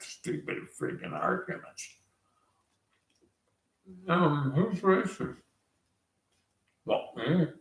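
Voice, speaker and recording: A man's voice: low-pitched, a little mellow. A man on a rambling political rant, sarcastic and chuckling often, recorded in an echoey room. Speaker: vlogger.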